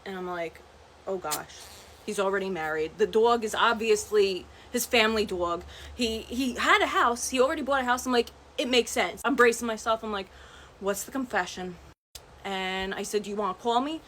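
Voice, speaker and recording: A young adult woman telling a chatty, animated dating story, vlog style, full of "like" and "right?". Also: mid-range voice, normal speed, slight background noise. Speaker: vlogger.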